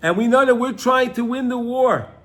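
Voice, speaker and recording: A man with a high voice teaches a Torah class in a loose, talky way. He keeps checking in with "right?" and says things twice. Hebrew and Yiddish words come up often as he speaks. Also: normal speed. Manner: conversational, keeps asking "right?" and repeating himself; mixes in Hebrew and Yiddish terms. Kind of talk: Torah class on the weekly portion.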